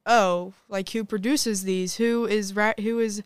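A young woman guesting on a podcast speaks casually, peppering her sentences with "like." Her voice is strikingly smooth and clear, held to a narrow, even pitch, and it is recorded dry with no room sound. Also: unhurried, dry recording. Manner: casual, with frequent "like" fillers. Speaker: singer-songwriter guest. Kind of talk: casual interview chat.

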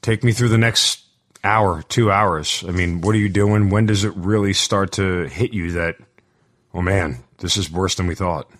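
A man's voice: deep voice, unhurried, a bit bright. A man interviewing a guest, steering him with direct questions.

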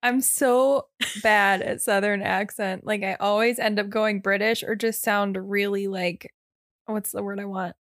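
A woman's voice: mid-range voice, fairly even intonation, dry recording, studio quality. A woman co-hosting a podcast, chatting casually in slang and reacting to the story. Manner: easygoing banter in slang, quick to react. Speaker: podcast co-host. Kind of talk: casual chat.

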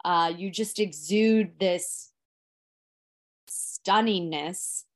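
A woman's voice: fairly low pitch, very slow. A woman co-hosting a podcast, speaking heartfelt and rambling in casual chat. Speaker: podcast co-host.

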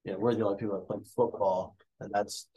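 Hesitant low-voiced man chatting. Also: little pitch movement, fast, dark tone. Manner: hesitant, lots of ums and hedging. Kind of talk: casual chat.

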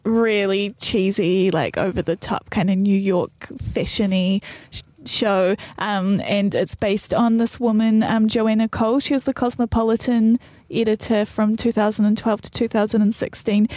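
A woman's voice: medium pitch, darkish tone, no echo. A woman hosting a podcast in casual chat, breezy and moving the segments along. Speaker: podcast host keeping time.

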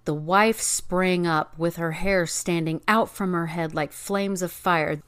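A woman narrating a fairy tale in a measured, expressive reading. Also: on the low side, smooth. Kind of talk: storybook narration.

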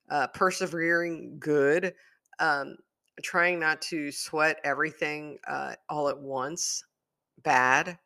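A man's voice: fairly high pitch, vocal fry, sharp tone. A man talking through his week in a casual, rambling monologue as a podcast host, full of "you know" fillers and self-deprecating asides.

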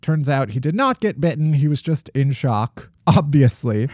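Lively joking man reading odd news. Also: fairly high pitch, normal speed, no room sound, studio quality. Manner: jokey, animated storytelling with laughs. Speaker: podcast co-host. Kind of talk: casual comedic news chat.

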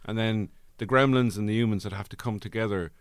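A man's voice: on the low side, fast talker, no room sound, studio quality. Man riffing on absurd jokes. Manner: laughing, riffs on absurd scenarios. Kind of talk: casual comedic chat.

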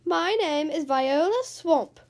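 A woman doing a stern, slow-talking tough coach lady. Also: sits high, expressive, exaggerated voice. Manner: slow, clipped commands.

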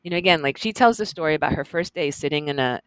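Middle-aged woman, dry animated storyteller. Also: low voice, fast talker, clear, resonant tone, no room sound. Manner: lively, animated storyteller with laughs. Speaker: guest, professor and journal editor. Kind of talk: conversational interview storytelling.

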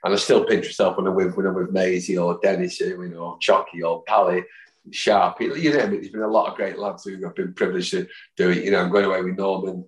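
Deep-voiced man telling rambling stories. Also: quick pace. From Manchester, England. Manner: rambling, lively, mimics others' voices in his stories. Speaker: podcast guest, football fan. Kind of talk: anecdotal storytelling. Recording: roomy echo.

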